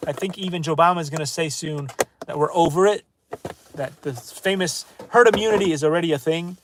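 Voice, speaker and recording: A man hosting a casual book review, talking in a digressive, self-interrupting way with offhand asides and reading some phrases slowly. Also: on the high side, a little hiss or hum. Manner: reads French phrases slowly and deliberately. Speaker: channel host reviewing books. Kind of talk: casual rambling review monologue.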